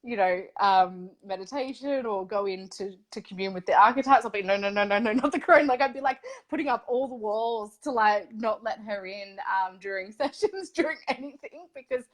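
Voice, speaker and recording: A woman's voice: mid-range voice, normal speed, hardly any pauses. Effusive woman hosting a chat. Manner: effusive and animated, laughs often mid-sentence. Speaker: interviewer and series host. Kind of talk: casual conversational interview.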